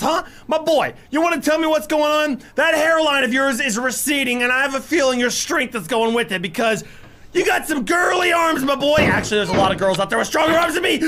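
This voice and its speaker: A man giving raging gameplay commentary, shouting threats and insults at the game character. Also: very high-pitched, lively intonation, brisk. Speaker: gamer streaming a game.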